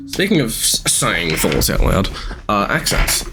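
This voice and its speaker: A man's voice: lowish voice, very animated, heavy background noise. Sleepy, rambling young Australian man. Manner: rambling, halting, many ums, sometimes swears. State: sleepy, yawning. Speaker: gamer streamer. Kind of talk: casual gameplay commentary.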